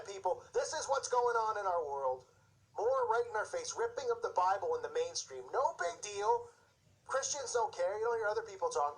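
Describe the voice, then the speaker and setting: A show host delivers an agitated, indignant rant of religious commentary on his own program, throwing in mocking asides. His voice sits high, and the audio quality is poor.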